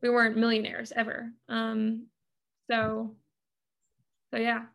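Gravelly higher-voiced woman, earnest storyteller. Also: monotone, takes it slowly, fairly bright tone. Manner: earnest, chatty storytelling with many fillers. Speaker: podcast guest. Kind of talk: casual interview talk.

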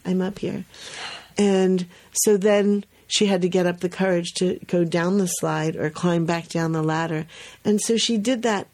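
A woman's voice: fairly low pitch, unhurried. A woman hosting a podcast in casual chat, telling a story with lots of laughs and acting out the quotes. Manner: lively storyteller, acts out quotes, laughs often. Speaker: podcast host.

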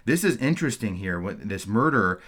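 A man with a slightly low voice gives a theology lecture. He talks in an earnest, explanatory way, reading passages aloud and stopping to comment. He speaks with plenty of "uh"s and small restarts. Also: big pitch swings, fairly quick, fairly bright tone. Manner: frequent fillers and restarts. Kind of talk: recorded course lecture.

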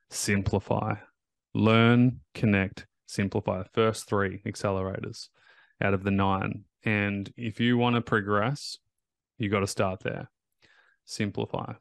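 Low-voiced emphatic male coach. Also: steady tone, a little slow, creaky, dry recording. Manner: emphatic, repeats key phrases. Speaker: recovery coach and podcast host. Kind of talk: motivational podcast talk.

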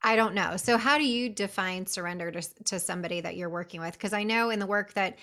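A woman's voice: medium pitch, quick pace, a bit bright. A woman hosting a podcast and coaching coaches, asking curious, chatty questions in a casual interview.

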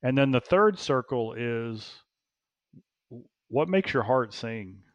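Animated male business coach. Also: mid-range voice, slow pace, dry recording, muffled recording. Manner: animated, repeats phrases, laughs often. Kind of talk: casual interview talk.

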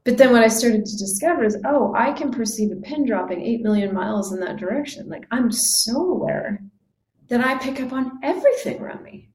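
A woman's voice: fairly high pitch, lively intonation, fairly quick, a little mellow, reverberant, slight background noise. A woman in casual conversation, speaking earnestly and reflectively, often acting out quoted dialogue.

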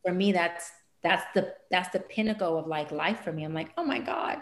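Animated woman coach in an echoey room. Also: moderate pace. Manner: animated, acts out client conversations with big pitch jumps. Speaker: guest, life coach. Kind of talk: podcast interview.

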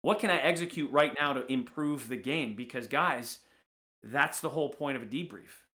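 A man's voice: medium pitch, normal speed, very noisy. A middle-aged man hosting a sales podcast, telling stories with lots of restarts and acting out the people he quotes. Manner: animated storyteller, acts out quoted voices, many restarts. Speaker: podcast host. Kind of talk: casual sales podcast storytelling.

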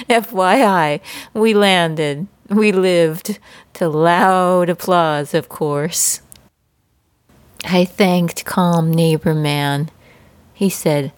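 A woman's voice: on the low side, takes it slowly, no room sound. A woman host and life coach telling a personal story, laughing now and then and acting out the moments. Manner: warm laughing storyteller, animated retelling.

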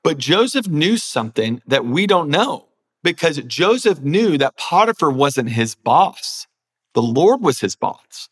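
A man's voice: on the high side, sing-song, unhurried, a bit bright, husky. A pastor and author, a man, talking earnestly in an interview and now and then acting out inner voices as he makes his point. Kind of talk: conversational preaching.

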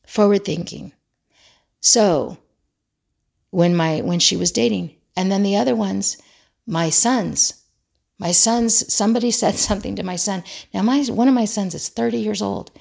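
A woman's voice: medium pitch, a little slow, creaky. A woman in her fifties hosting a self-help talk, telling family stories and acting out the people she quotes. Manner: animated storytelling, acts out quoted voices. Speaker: self-help podcast host. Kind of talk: casual monologue.

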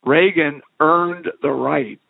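A man's voice: on the high side, takes it slowly, creaky, no echo. A middle-aged man in casual conversation, telling a parenting story and acting out the dialogue. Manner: storytelling, animated retelling of dialogue. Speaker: co-host. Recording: tinny phone-like sound.

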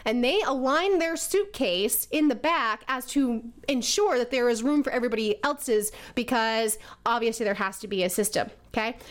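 Animated, high-voiced woman storyteller. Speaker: presenter. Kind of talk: explaining personality types with an acted story.

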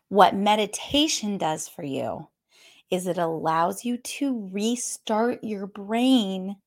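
A woman who is a group fitness instructor, giving a candid, conversational motivational talk and speaking straight to her listeners. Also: mid-range voice. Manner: warm, candid, addresses listeners directly as y'all; laughs between points, conversational.

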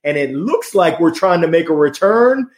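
Energetic, passionate man on a call. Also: a little high, moderate pace. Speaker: guest. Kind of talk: casual conversation. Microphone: remote video call.

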